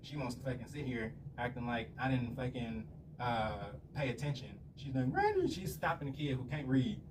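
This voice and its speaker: A man's voice: mid-range voice, moderate pace. A man telling rambling, profanity-filled stories in a casual rant to the camera. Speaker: vlogger. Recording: slightly distant mic with faint room noise.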